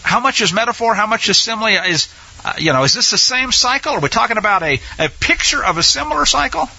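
Man teaching scripture casually, thinking aloud; bright, husky voice over a dull, lo-fi recording. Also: high voice, animated, quick pace, no echo. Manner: musing, asks himself questions aloud. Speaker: Bible teacher. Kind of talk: informal Bible teaching. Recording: dull lo-fi sound.

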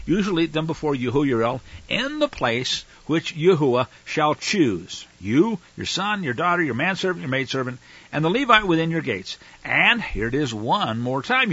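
A man's voice: on the high side, sharp tone, husky, no room sound. A man teaching from scripture, reading passages aloud and breaking in with emphatic, fiery asides, on a slightly dull lo-fi recording. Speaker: Bible teacher.

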